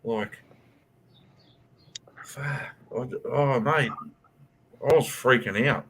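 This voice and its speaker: He speaks extremely slowly in a mid-range voice, with slight background noise behind him. As the host of an online voice chat, this young man tells a story casually, swearing and animatedly acting out what others said.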